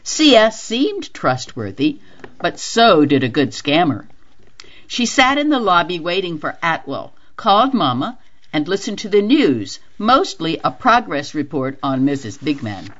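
Low-voiced woman reading a novel aloud. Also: unhurried. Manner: steady, expressive reading. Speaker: volunteer audiobook reader. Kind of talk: audiobook narration for radio reading service. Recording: dull lo-fi radio reading.

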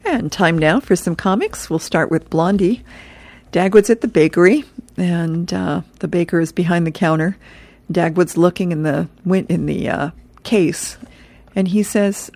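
A woman radio host reading an advice column and comic strips, with a chuckling, relaxed manner. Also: lowish voice, moderate pace, gravelly, no room sound.

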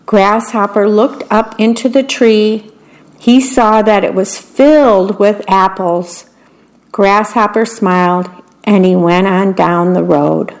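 A woman volunteer reading a bedtime story aloud on the radio, gentle and describing the pictures for listeners. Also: medium pitch, fairly even intonation, takes it slowly.

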